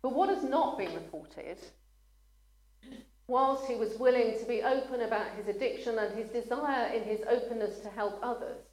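A woman's voice: on the high side, a little mellow. A woman preaching a sermon, speaking earnestly and at times choking up and apologizing. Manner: earnest, gets emotional and pauses to apologize. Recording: echoey room.

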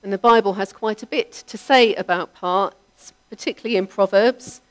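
A woman preaching a sermon, in a measured, reflective delivery whose line ends trail off softly. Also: mid-range voice.

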